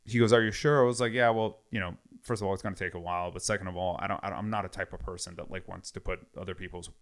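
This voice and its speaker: A man's voice: deep voice, rapid-fire. A man casually retelling a story with lots of quoted back-and-forth. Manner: animated retelling with many quoted exchanges.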